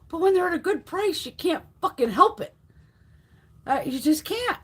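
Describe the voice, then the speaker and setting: A woman's voice: very high-pitched, lively intonation, moderate pace, fairly bright tone. A woman hosting a casual live-stream chat, brash and profane, telling stories with frequent laughs. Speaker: livestream host.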